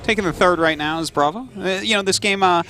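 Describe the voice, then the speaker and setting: A man casting a strategy game match live, calling the action in an upbeat, animated play-by-play. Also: high-pitched, fast. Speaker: esports caster.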